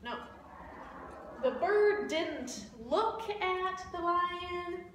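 A woman's voice: very high-pitched, expressive, very slow, a bit bright, distant mic, slight background noise. A woman teacher telling a simple story to language learners, repeating key words over and over. She recorded in an echoey room a little away from the mic. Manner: simple, repetitive retelling. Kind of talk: slow story-listening lesson.

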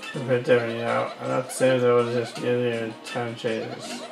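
A man's voice: mid-range voice, completely flat delivery, a little fast, vocal fry. A man giving casual gameplay commentary, rambling and trailing off with fillers. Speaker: game let's-player. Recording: roomy distant mic with game music.

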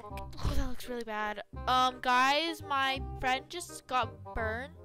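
A woman's voice: sits high, expressive, slow pace. A woman hosting a gaming channel, narrating a playful role-play in a bubbly, chatty way full of "like" and "literally". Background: background game music.

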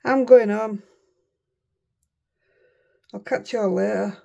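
Chatty Yorkshire craft vlogger, woman, husky and a little gravelly, mutters asides. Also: mid-range voice, slow, a little mellow. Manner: chatty, self-mocking, often mutters under her breath. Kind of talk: casual chat while crafting.

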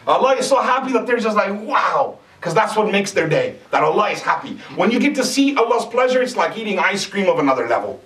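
A man preaching in a mosque hall speaks animatedly and keeps asking his listeners questions. High-pitched and brisk, he rarely pauses, and the recording sounds echoey, captured from a distant mic.

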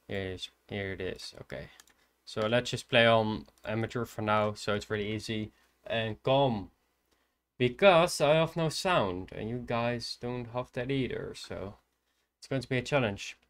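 A young man with a Dutch accent, chatting casually to viewers while streaming a game, often pausing on fillers. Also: mid-range voice, a bit bright, clear, resonant tone. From Netherlands.

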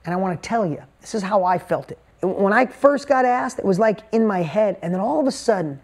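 A man's voice: high-pitched, expressive, a little fast. A middle-aged man giving an emotional, emphatic motivational talk, telling a personal story and repeating words for punch. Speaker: motivational speaker.

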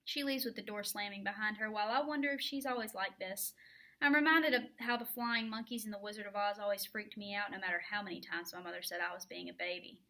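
A woman teacher reading a novel aloud to her students from home, expressive and dramatic, into a computer mic. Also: mid-range voice, quick pace. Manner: animated, dramatic storytelling. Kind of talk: expressive first-person read-aloud.

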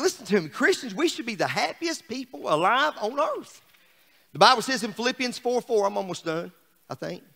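A man's voice: sits high, fairly bright tone, big-room sound. A man preaching an exuberant, joking sermon to his congregation in a church. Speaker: pastor. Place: church sanctuary.

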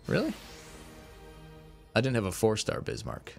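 A man streaming a mobile game, commentating his card pulls, swinging between excited hype and deflated mumbling. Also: fairly low pitch, a little slow, vocal fry, soft background music.

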